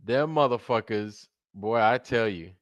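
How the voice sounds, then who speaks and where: A man's voice: lowish voice, a little slow, dry recording, dull audio. Laid-back swearing male livestream host. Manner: profane, laid-back, drifts into mocking impressions. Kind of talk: casual livestream chat.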